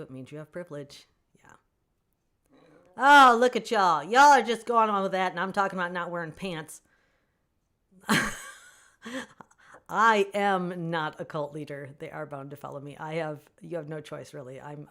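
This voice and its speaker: A woman hosting a casual livestream Q&A for fans, answering viewer comments in an animated, opinionated way and laughing often. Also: low voice. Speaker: author hosting a fan Q&A stream.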